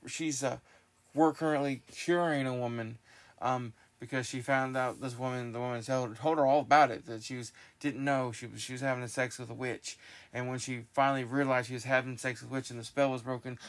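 A man hosting a podcast in casual chat, telling stories in a rambling, animated way with lots of restarts. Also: mid-range voice, brisk. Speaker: podcast host.

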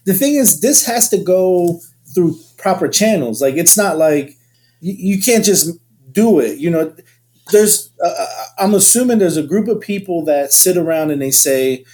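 Male co-host, rambling casual chatter, slightly high voice. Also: animated, normal speed, dark tone. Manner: rambling, restarts sentences often. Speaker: podcast co-host. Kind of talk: casual chat.

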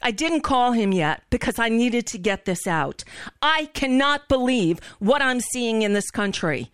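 A woman's voice: medium pitch, animated, normal speed, clear, resonant tone, no echo, studio quality. A woman hosting a political talk radio show, upset and shaking with anger, stammering through emphatic outbursts. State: shaken and upset.

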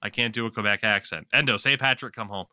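A man's voice: on the low side, quick pace, bright, forceful tone, no room sound, studio quality, faint music behind. A man hosting a podcast, chatting casually about sports and joking often with a bit of profanity. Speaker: podcast host.

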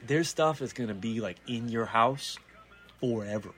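A man in his thirties co-hosting a casual podcast from his home basement, an excitable storyteller who laughs often. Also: medium pitch, normal speed, slight background noise. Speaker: podcast co-host. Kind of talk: casual chat.

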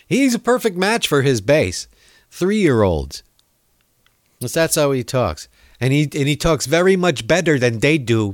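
A man's voice: medium pitch, no room sound, studio quality. A man hosting his own show, giving rambling, sarcastic political commentary with the odd chuckle. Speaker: podcast host.

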